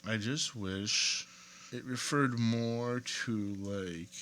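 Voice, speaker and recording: A man giving an off-the-cuff rant to camera, rambling and digressive, with wry self-deprecating asides and pauses while he leafs through a book. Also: mid-range voice, steady tone, a bit bright. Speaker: video creator.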